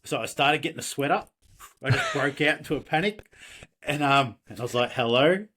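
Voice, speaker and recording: An Australian man, a podcast guest, telling personal stories in a casual, animated way with laughs and restarts. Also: mid-range voice, fairly quick, breathy edge. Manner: animated, laughing, self-deprecating, many restarts. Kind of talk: casual interview storytelling.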